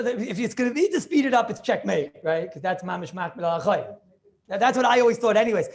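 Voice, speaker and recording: A man teaching a Talmud class over a video call, thinking aloud with many restarts and questions to his students. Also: sits high.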